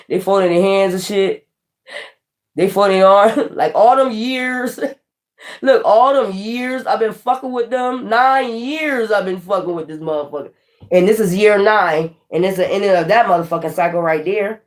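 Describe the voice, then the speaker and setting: A woman doing a casual tarot reading, animated and profane, laughing often and talking straight to the viewer. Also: mid-range voice. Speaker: tarot reader.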